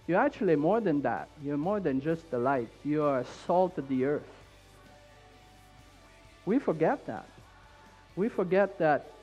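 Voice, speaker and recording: A man with a French Canadian accent preaching a fervent sermon in church, repeating his points and building up to shouts. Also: fairly high pitch, expressive, measured pace, long pauses, breathy edge, highs cut off, soft background music.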